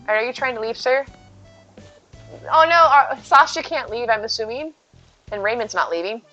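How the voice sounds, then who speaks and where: Her voice is a little high, a bit bright, and animated, moving at a moderate pace. She's a woman streaming a game, chatting casually, thinking aloud, and handling chat as she plays, with slightly muffled audio and faint game music.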